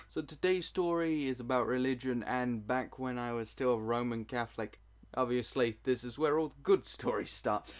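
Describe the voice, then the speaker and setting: A young man telling a childhood story to camera in a casual vlog, joking at his own expense and swearing freely. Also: medium pitch. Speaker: storytelling vlogger.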